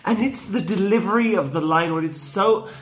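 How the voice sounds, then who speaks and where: A podcast co-host in a casual chat, retelling scenes with animated energy and acting out quoted lines with shifts in pitch. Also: normal speed, slight background noise.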